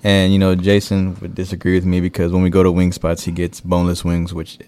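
A man's voice: deep voice, monotone, fairly quick, warm tone, clean tone, dry recording. A man who is a local musician, talking easily and laughing often as a guest. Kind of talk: casual chat.

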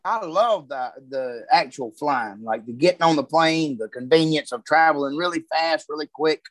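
Comedian, man, slightly high voice, dry close mic, cussing storyteller. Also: normal speed, no echo. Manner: profane, rambling anecdotes. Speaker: comedian guest. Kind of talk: casual storytelling chat.

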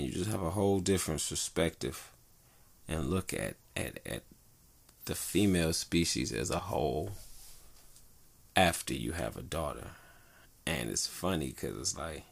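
A man's voice: rumbling low, gravelly, husky. A man talking in a rambling, laid-back and profane way in a casual solo monologue, speaking as a father into a good microphone.

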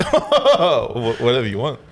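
A man's voice: medium pitch, extremely slow, slight background noise. A man hosting a comedy podcast, reading out listener questions and trading crude jokes with a laugh. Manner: laughs often, deadpan delivery of crude jokes. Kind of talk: crude casual banter.

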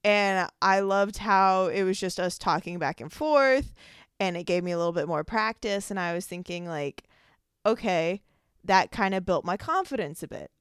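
This is a podcast host, a young woman, rambling casually on her own and leaning heavily on "like" as filler. Her mid-range voice is smooth and moves at a moderate pace, captured cleanly in a studio with no room sound.

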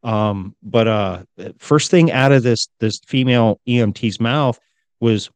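A man's voice: fairly low pitch, a little slow, no room sound. A man co-hosting a casual podcast, telling a story loosely with lots of swearing and acted-out quotes. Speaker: podcast co-host. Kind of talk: casual chat.

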